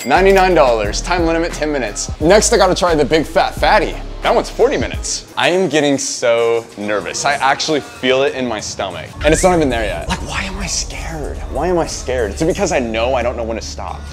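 A man's voice: mid-range voice, brisk, few pauses. A man in his twenties vlogging from a restaurant, joking and nervous as he talks through a food challenge. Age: 20s. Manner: jokey, nervous, animated. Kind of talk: excitable vlog chatter. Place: restaurant, indoors. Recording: music bed behind voice.

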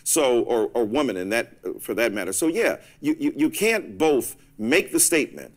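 Man, TV guest, eloquent, measured, lecturing. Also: medium pitch, sing-song. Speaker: guest commentator. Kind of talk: televised sports debate.

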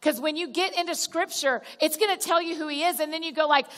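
A woman's voice: sits high, fast talker, a bit bright. A woman giving a conversational sermon as a guest speaker at a church gathering. She talks directly to the crowd, calls them y'all, restarts sentences, and acts out little prayers. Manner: chatty, direct, addresses listeners as y'all. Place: church auditorium. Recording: long reverb of a large hall.

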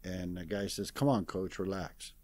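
A man's voice: low voice, fairly even intonation, normal speed, a little mellow, dry recording. A man in his sixties, a guest in an interview, retelling a story casually and plain-spoken, acting out the quoted dialogue. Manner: plain-spoken, folksy retelling full of "I says"; acts out others' lines in quoted dialogue.

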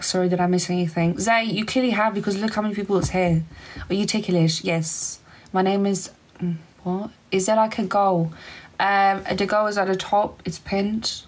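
A young woman from Eastern Europe hosting a casual phone livestream, giggly and chatty, answering comments in quick short replies. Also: on the low side, low-quality recording. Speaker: livestream host.

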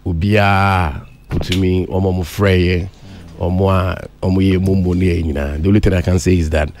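A Ghanaian man speaking as a radio guest, his voice sitting fairly low. He talks in an easygoing, grateful way, relaxed and casual. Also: moderate pace, a little hiss or hum. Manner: grateful, easygoing, thanking people. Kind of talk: casual chat.

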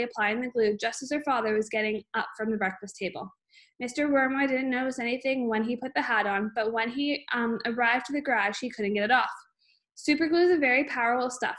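Lady reading a kids book out loud, slightly high voice, trips over words a lot. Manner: unhurried, with frequent small slips and restarts. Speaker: reader. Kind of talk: reading a children's book aloud.

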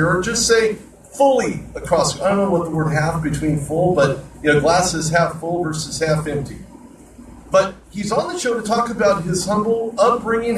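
A man hosting a sports talk radio show, rambling in an animated way between topics. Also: high-pitched, reverberant, distant mic, noisy background. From Southern California. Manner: rambling, animated host patter.

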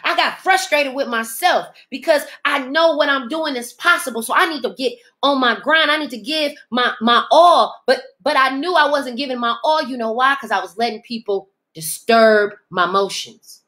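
A woman's voice: high-pitched, expressive, moderate pace, few pauses, a bit bright. A woman hosting a podcast, delivering an emphatic, preachy motivational monologue. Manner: emphatic, preachy, speaks in dialect, mimics others in asides. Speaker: podcast host.

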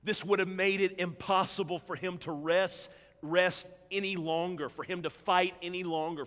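Pastor preaching in a reverberant church. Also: male voice, fairly even intonation, moderate pace. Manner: preaching with big swings between loud emphatic build-ups and hushed low passages. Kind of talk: sermon. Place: church sanctuary. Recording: long church hall reverb.

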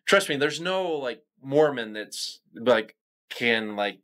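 A man's voice: mid-range voice, animated, takes it slowly, fairly bright tone. A young adult man from California, guest in a casual conversation, talking in a loose chatty way full of fillers. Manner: chatty, lots of "like" and "you know".

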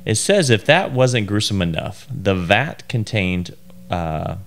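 A man with a lowish voice co-hosts a casual podcast, reading facts aloud. His intonation moves up and down a lot. He stumbles over unfamiliar words as he reads. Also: very animated, a little slow, slight background noise. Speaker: podcast co-host.

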